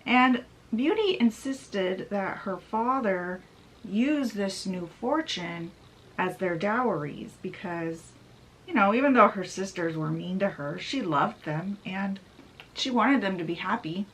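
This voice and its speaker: A woman's voice: mid-range voice, lively intonation, slow, a bit bright, poor audio. A woman book vlogger casually retelling a fairy tale with chatty asides while she does her makeup.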